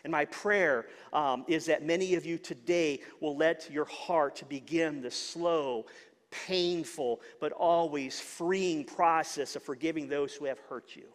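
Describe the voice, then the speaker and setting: A man's voice: fairly high pitch, a little slow, in a large hall. A man preaching a sermon as pastor, earnest, often repeating words as he searches for them.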